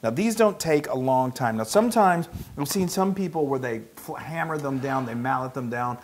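A man's voice: medium pitch, expressive, normal speed, slight background noise. A man hosting a cooking show in a home kitchen, explaining each step in a chatty, casual way with frequent restarts.

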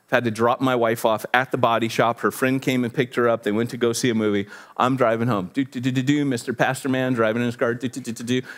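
A man in his forties, a pastor telling a personal story in a sermon, conversational and self-deprecating, acting out the voices in his story. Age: 40s. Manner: animated, acts out quotes with big pitch jumps.

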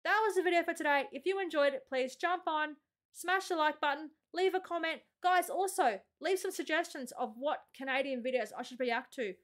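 A woman's voice: sits high, a little fast, fairly bright tone. An Australian woman hosting a casual reaction video, gushing with lots of exclamations and gasps.

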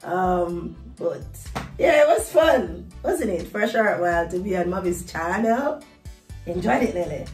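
A woman's voice: fairly low pitch, expressive, unhurried, a little mellow, far from the mic, soft background music. A woman, a vlog host and mother, chatting at home in a playful, teasing, laughing way. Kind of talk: casual home vlog chat. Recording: echoey room.

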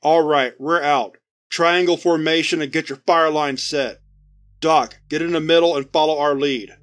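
A man's voice: fairly high pitch, fairly even intonation, normal speed, close to an everyday voice. A man playing a terse, cursing squad leader. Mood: commanding. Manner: commanding, terse, profane. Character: gruff squad leader barking orders, male.

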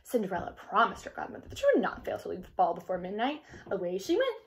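A woman reading a fairy tale aloud for children in an expressive storytelling voice. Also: medium pitch, fast talker.

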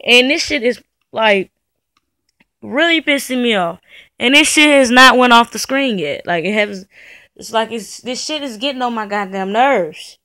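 Venting angrily in a casual vlog from her home studio, a young woman swears nonstop into the camera in front of her and returns to the same complaint again and again. Her slightly high voice is unhurried, with a sharp tone, and her ranting stays profane and repetitive.

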